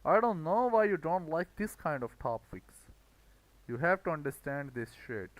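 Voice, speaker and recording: A man's voice: on the high side, moderate pace, no echo, low-quality recording. Guy streaming his trades live, muttering then ranting and cursing at the chart. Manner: thinks aloud, rants and swears when excited. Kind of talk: live trading commentary.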